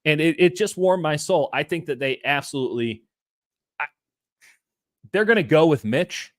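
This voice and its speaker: A man hosting a casual sports podcast, talking with animated swings between loud and soft. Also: fairly high pitch, moderate pace, no room sound, studio quality. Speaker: podcast host.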